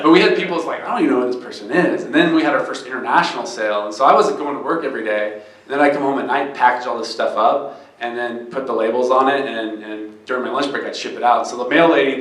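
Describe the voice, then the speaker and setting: A man who founded a startup talks to an event audience in an earnest, storytelling way. His pitch sits in the middle. His voice bounces around an echoey room. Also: fairly bright tone. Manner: earnest and storytelling, gets choked up, many restarts. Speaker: startup founder speaking on stage. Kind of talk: live fireside chat.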